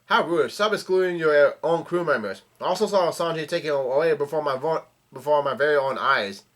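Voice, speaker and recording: A man's voice: a little high, brisk, fairly bright tone, lightly acted. A man reading the lines of an indignant skeleton musician from a comic, in a huffy, raised way.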